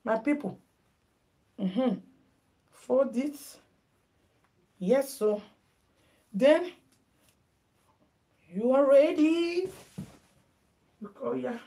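A woman's voice: high voice, extremely slow, pauses often, mellow. A Nigerian woman hosting a live headwrap tutorial stream, chatting casually with viewers and mixing in Pidgin. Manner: chatty, mixes Pidgin, greets viewers by name. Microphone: phone.

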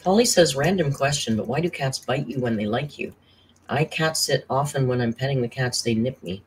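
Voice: mid-range voice, moderate pace, slight background noise. Tired, chatty live-stream host. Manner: chatty, thanks viewers and reads their messages aloud. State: tired, worn down by caregiving. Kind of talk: casual live-stream chat.

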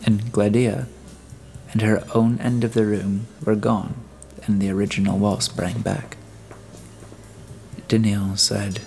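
Low gravelly male audiobook narrator. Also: level tone, unhurried, pauses often, darkish tone, soft background music. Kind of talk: scripted narration.

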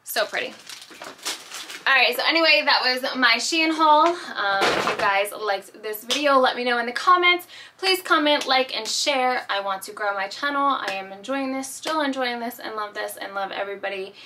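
Bright-voiced chatty woman vlogger. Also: fairly high pitch, animated, moderate pace, a little hiss or hum. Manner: chatty, rambling, self-deprecating. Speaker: YouTube vlogger. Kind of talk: casual haul vlog chat.

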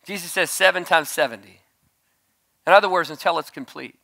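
Gravelly bright-voiced man preaching with surges. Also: on the high side, a little fast. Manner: storytelling preacher, surges to loud shouted peaks. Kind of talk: sermon. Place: conference stage.

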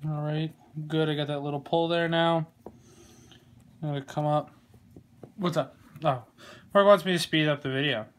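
A man giving a casual how-to tutorial on a glove, relaxed and rambling, with plenty of fillers and small jokes. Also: fairly high pitch, moderate pace, pauses often. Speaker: glove maker demonstrating lacing. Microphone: phone camera.

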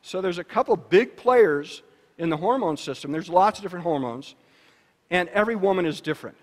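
Man, animated speaker, somewhat high voice, long reverb of a banquet hall. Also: a little fast. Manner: animated storytelling with shifts in pitch and loudness. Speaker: speaker at a luncheon. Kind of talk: educational talk to parents.

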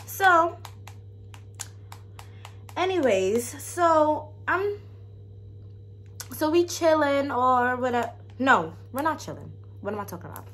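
A young woman vlogger telling an animated, slangy story to her viewers, dropping into low asides. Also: slow, long pauses. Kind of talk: casual storytime vlog.

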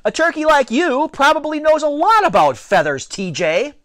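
A man doing a squeaky, wisecracking schoolboy. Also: very animated, moderate pace, dry recording, clean studio sound. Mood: jokey whiny. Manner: high, squeaky and jokey. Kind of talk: storybook reading.

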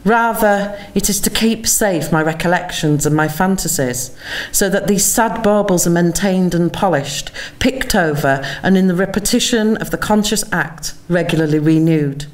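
A woman, an author giving a measured, reflective reading of her own memoir at a conference, with lingering pauses. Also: fairly low pitch. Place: conference venue.

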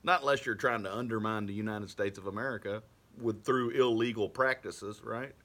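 A Texan vlogger with a lowish, fairly bright voice rambles to the camera a little fast in a casual monologue, often laughing mid-sentence.

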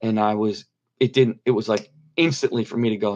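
A man's voice: fairly low pitch, fairly even intonation, a little fast, darkish tone, lo-fi sound. A middle-aged man earnestly telling a personal story as an interview guest, repeating phrases for emphasis. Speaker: guest telling his near-death story.

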